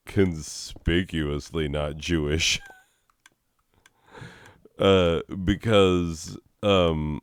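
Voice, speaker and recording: A man with a very low, smooth voice drifts slowly through stoned gameplay commentary, giggling and swearing as he rambles. The sound is dry and close. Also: dry recording. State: high. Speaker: gaming video host.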